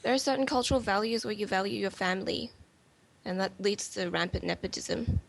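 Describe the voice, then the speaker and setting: A woman, a guest on an online talk show, speaking hesitantly and plainly with many pauses. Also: mid-range voice, vocal fry. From Australia. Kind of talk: casual chat.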